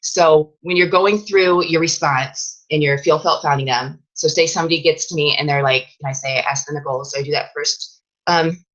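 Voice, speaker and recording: A woman's voice: low-pitched, fairly even intonation, moderate pace, a bit bright, low-quality recording. A woman fitness coach giving a casual, chatty training talk to her sales team, with plenty of fillers and restarts.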